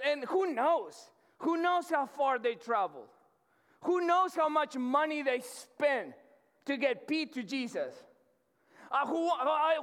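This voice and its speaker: A man's voice: extremely high pitch, fairly bright tone. A man preaching a casual sermon to college students, talking in a loose, slangy way with lots of restarts and a habit of asking "right?" to the crowd. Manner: conversational and slangy, with many restarts and repeated "right?". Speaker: pastor. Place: church auditorium. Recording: long reverb of a large hall.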